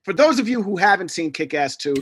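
A man co-hosting a podcast, telling animated stories and acting out the quotes in casual chat. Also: high-pitched, fairly quick, husky. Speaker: podcast co-host.

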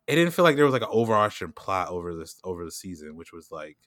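Casting note: low-voiced guy, loose rambling talk full of fillers, dry close sound. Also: big pitch swings, a bit bright, no echo. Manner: rambling, heavy "like" and "you know what I'm saying"; laughs often and puts on quick voices when quoting people. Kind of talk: casual chat.

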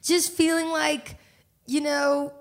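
A young woman chatting as a podcast guest, bubbly and quick to laugh, her talk full of "like" and "you know". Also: high-pitched, little pitch movement. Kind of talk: casual podcast conversation.

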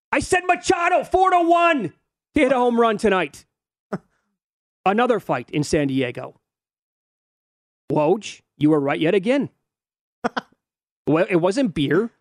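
A man's voice: on the high side, no room sound, studio quality. A middle-aged man hosting a sports betting talk show, animatedly narrating fan videos with mock outrage. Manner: animated, mock-outraged, acts out fans' lines. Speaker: sports betting radio host.

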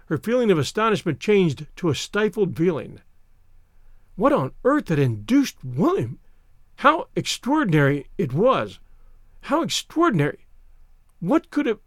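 A man reading a literary story aloud with expressive storytelling. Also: high-pitched, gravelly, dry recording, studio quality. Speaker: reader. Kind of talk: scripted narration.

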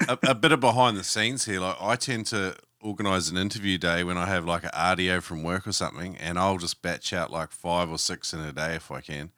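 Laid-back podcast host. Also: male voice, deep voice, steady tone, brisk, few pauses, bright, forceful tone, dry recording, clean studio sound. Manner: laid-back, chatty, joking. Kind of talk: casual podcast interview.

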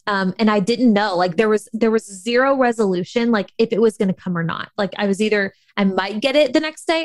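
A woman with a fairly high voice tells a personal story straight to the listener. She talks casually, with lots of fillers, and acts out her own past thoughts. The sound is dry and close. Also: no echo.

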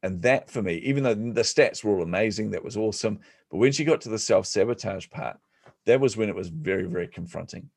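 A man, a podcast guest, telling stories in an animated, self-deprecating way and acting out the voices of people he quotes. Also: lowish voice, a little fast, gravelly, husky, dry recording, studio quality. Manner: self-deprecating humor, frequent laughs. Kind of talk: storytelling in an interview.

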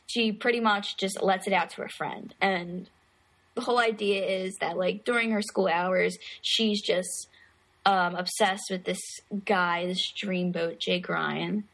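A woman co-hosting a casual chat about a movie, chatty and quick to laugh. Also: lowish voice, fairly bright tone. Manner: chatty, laughs often, acts out quotes. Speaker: podcast co-host.

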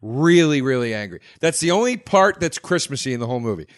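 A man's voice: medium pitch, sing-song, fast talker, no room sound. A man co-hosting a podcast, telling jokes in casual chat and laughing at his own punchlines. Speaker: podcast co-host.

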